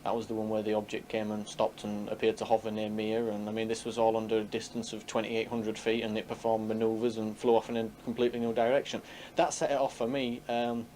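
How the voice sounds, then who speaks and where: A man's voice: fairly low pitch, completely flat delivery, fairly quick, darkish tone, a little hiss or hum. A man who founded a UFO group, talking in a rambling, casual interview with many fillers.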